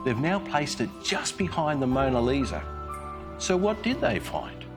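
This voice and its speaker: A man giving a scripted devotional presentation, telling it in an earnest, measured storytelling manner. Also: medium pitch, sing-song, over loud music. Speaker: Christian speaker.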